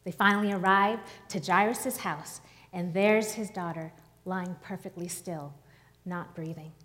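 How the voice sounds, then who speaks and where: A woman preacher delivering a sermon, telling a story slowly and dramatically with pauses. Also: lowish voice, fairly bright tone, big-room sound.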